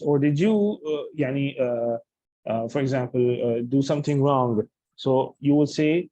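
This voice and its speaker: A man's voice: mid-range voice, measured pace, mellow, no echo, low-quality recording. A man teaching Arabic grammar in a lecture, explaining patiently and restating each point with examples.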